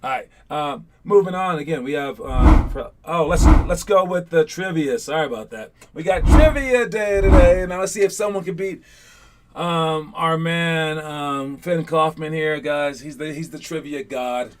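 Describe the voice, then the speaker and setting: A man running a casual live online basketball coaching session, chatty and rambling with lots of fillers, teasing and excitable. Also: on the high side, measured pace, a little hiss or hum.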